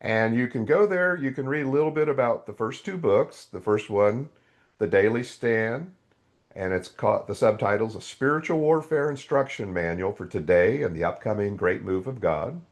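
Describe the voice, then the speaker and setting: Lively low-voiced older man telling stories. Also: moderate pace. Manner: animated storytelling with quoted dialogue. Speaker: guest, author. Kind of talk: podcast interview.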